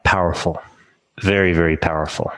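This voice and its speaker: A man with a very deep, low voice hosts an interview. He works through long, reflective questions in a calm, conversational way. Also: a little fast, poor audio. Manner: thoughtful, builds long questions. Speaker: interview host.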